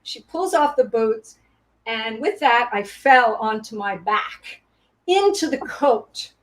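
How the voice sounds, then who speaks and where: Woman reminiscing about stage life, lively, often laughing, pitched a little high. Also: takes it slowly, low-quality recording. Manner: animated anecdote-telling, laughs often. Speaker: guest, Broadway performer. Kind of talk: casual storytelling interview. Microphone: video call.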